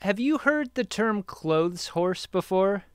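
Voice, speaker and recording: Male podcast guest, resonant slightly high voice, inquisitive, dry recording. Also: lively intonation, slow, clear, resonant tone, dry recording. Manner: curious, asks questions, musing. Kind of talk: casual chat.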